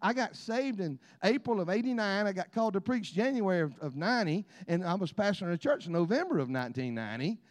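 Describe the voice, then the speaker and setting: A man's voice: high-pitched, big pitch swings, fast, few pauses. A middle-aged man preaching a sermon, telling folksy stories punctuated by amens and laughter. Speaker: pastor. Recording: long reverb in a large church.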